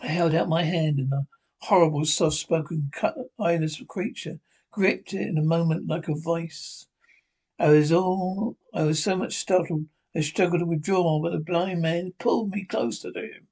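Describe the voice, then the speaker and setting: A man's voice: on the high side, moderate pace, gravelly, darkish tone, husky. A man reading a classic adventure novel aloud in an unpolished way, with frequent slips and restarts. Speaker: reader.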